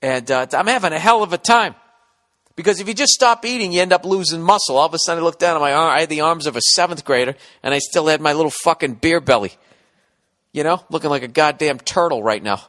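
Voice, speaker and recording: A man's voice: fairly high pitch, fast, fairly bright tone, big-room sound. A man hosting a comedy podcast, talking in a blunt, rambling monologue with constant swearing. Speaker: podcast host.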